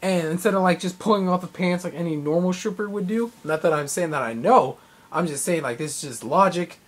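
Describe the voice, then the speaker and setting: Rambling excitable young guy. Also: sits high, fairly quick. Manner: rambling and excitable, full of fillers and acted-out quotes. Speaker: vlogger. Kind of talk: casual recap of a live event.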